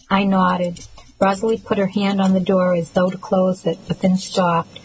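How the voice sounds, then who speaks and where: A woman narrating a novel in the first person, with a soft, measured, emotional reading. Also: medium pitch, flat delivery, a little hiss or hum, poor audio. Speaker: audiobook narrator.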